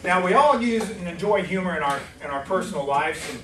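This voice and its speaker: A man's voice: high voice, lively intonation, a little fast. A man from Virginia, moderating a live festival panel with dry, self-deprecating humor. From West Virginia. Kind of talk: live panel introduction with jokes. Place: book festival hall. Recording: roomy hall, distant mic, faint noise.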